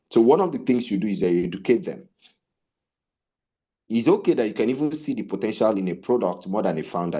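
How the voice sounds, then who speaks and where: A man leading a tech sales bootcamp, telling stories and asking rhetorical questions as he teaches. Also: on the low side. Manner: animated, storytelling with rhetorical questions. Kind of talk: bootcamp lecture with storytelling.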